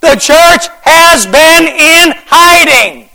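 A man preaching a fervent sermon, repeating phrases and rising into shouts. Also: very high-pitched, animated, very slow, vocal fry, low-quality recording. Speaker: pastor.

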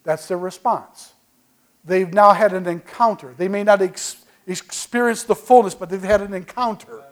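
A man preaching as pastor, telling folksy stories with call-and-response asides and swinging from quiet remarks to loud bursts. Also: sits high, steady tone, normal speed. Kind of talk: sermon.

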